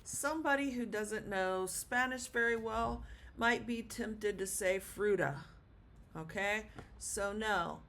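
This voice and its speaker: A woman's voice: mid-range voice, slow pace, a bit bright. A woman teaching a Spanish lesson at a board, patient, with many "um"s and "okay?" check-ins.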